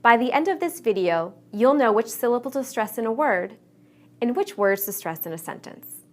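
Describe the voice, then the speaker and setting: A woman teaching English pronunciation in a clear, measured, encouraging scripted narration. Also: fairly high pitch, lively intonation.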